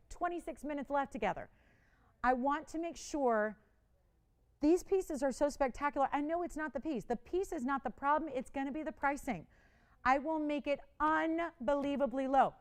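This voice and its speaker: A woman's voice: a little high, clean tone. Effusive woman hosting a shopping show. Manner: effusive and persuasive, repeats herself for emphasis; swings between soft confiding and loud excited bursts. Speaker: shopping channel jewelry host. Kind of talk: live sales pitch.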